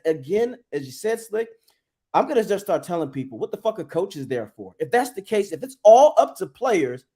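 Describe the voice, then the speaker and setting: A man's voice: high voice, mellow. A man co-hosting a live sports fan show, ranting angrily and swearing often as he vents frustration. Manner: angry, profane, fired up. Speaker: sports podcast co-host.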